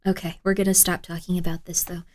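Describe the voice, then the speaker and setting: A woman's voice: fairly low pitch, flat delivery, fast talker. A woman streamer chatting casually with her live chat, giggly, rambling and full of apologies. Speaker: streamer reacting to videos.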